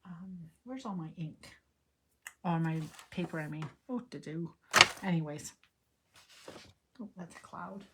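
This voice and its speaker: A woman's voice: lowish voice, a little slow, long pauses, background noise. An older woman hosting a card-making tutorial, talking in a rambling, chatty way and drifting into personal stories as she works. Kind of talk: chatty crafting demonstration.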